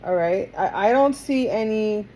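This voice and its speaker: A woman's voice: medium pitch, lively intonation, measured pace, dark tone, a little hiss or hum. A woman with a Queens, New York twang talks through a tarot reading. Her delivery is chatty and digressive, drifting into asides before she returns to the cards. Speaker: tarot reader. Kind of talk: casual tarot reading to camera.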